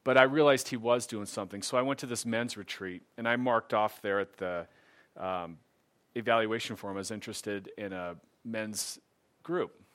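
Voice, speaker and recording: A middle-aged man with a slightly low voice shares his personal testimony in an easygoing, conversational way. He sounds earnest and grows more animated when he quotes others. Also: moderate pace. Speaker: speaker sharing a personal faith testimony. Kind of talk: casual personal testimony talk.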